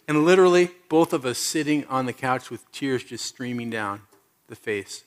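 A middle-aged man preaching a sermon, telling personal stories, moving from loud animated moments to soft low asides. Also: normal speed. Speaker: pastor.

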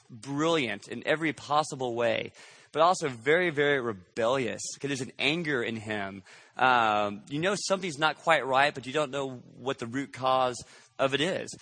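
A man's voice: mid-range voice, bright, forceful tone. A man preaching a conversational sermon as pastor, often checking in with the congregation through rhetorical questions.

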